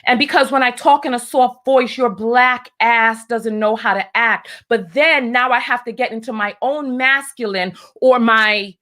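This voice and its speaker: Woman host, fiery blunt live-stream commentator, slightly high voice, riled up. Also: fairly bright tone. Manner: fiery, blunt, reads viewer comments aloud. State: riled up early in the morning.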